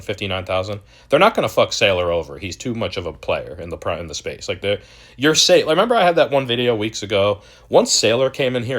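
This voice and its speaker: A man's voice: on the low side, fairly bright tone. A young man hosting a crypto channel, ranting in a profane, exasperated and mocking way. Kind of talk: ranting video commentary.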